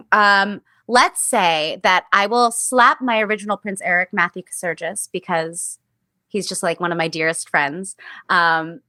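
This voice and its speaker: A woman's voice: on the low side, no room sound. A young woman, a musical theater actress, telling stories in a casual interview and acting out the voices she quotes, with many "like" fillers. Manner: animated storyteller who acts out quoted voices, many "like" fillers.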